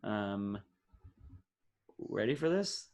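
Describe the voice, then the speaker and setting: Teasing teen quizmaster. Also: male voice, fairly low pitch, very animated, extremely slow, darkish tone. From United States. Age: teens. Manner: teasing, upbeat, runs the quiz. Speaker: podcast co-host and quizmaster. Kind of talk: casual sports podcast chat. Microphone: video call.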